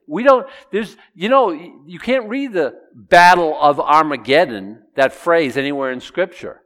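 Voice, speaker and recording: A middle-aged pastor preaching an expository sermon, animated, acting out Bible voices and quizzing his congregation. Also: on the high side, a little slow, hardly any pauses. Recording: long hall reverb.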